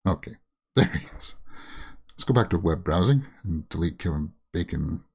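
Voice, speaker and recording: A man's voice: low voice, lively intonation, normal speed, gravelly, darkish tone, husky. A man hosting a casual movie news show, rambling through reactions with many fillers and frequent chuckles. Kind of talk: casual commentary while browsing and reading tweets.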